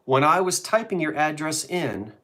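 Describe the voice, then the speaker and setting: Animated older man. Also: a little high, normal speed. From South Jersey. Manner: chatty, animated storyteller. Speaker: host. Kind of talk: casual live-stream chat.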